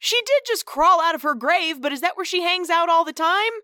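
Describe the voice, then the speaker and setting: A woman co-hosting a podcast, recapping a film in an animated way, laughing and mimicking characters. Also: very high-pitched, brisk, dry recording, studio quality. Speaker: podcast co-host. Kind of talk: casual film-recap chat.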